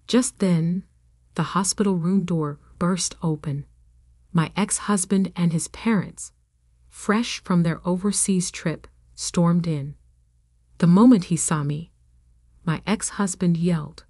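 Calm, low-voiced woman storyteller. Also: slow, no echo, clean studio sound. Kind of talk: scripted first-person narration.

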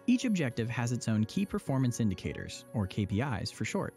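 A man's voice: mid-range voice, big pitch swings, brisk, dark tone, soft background music. Upbeat man in a scripted church explainer. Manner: upbeat, persuasive. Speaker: church promo presenter.

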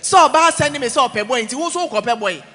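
A man preaching a sermon in a church, animated, mixing English with Twi, swinging from shouts to low asides. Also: brisk, big-room sound.

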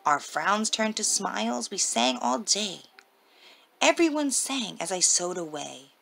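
A mother reading a rhyming children's picture book aloud in a slow, sing-song manner. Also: medium pitch, expressive, vocal fry, fairly bright tone, poor audio.

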